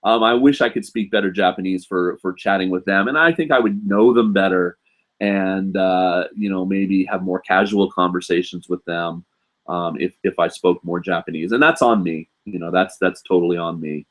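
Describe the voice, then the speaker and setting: At a moderate pace, a man with a lowish voice takes viewer questions during a relaxed live stream; he's a university English teacher in Japan. His speech is loose and conversational, stuffed with "you know," and he animatedly jumps higher in pitch to portray students and colleagues.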